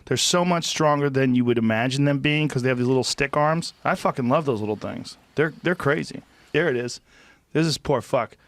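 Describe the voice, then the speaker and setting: A man hosting a podcast tells vivid stories in casual chat, animated and profane, with lots of swearing and emphatic repetition. His voice is medium-pitched and fairly quick, recorded dry.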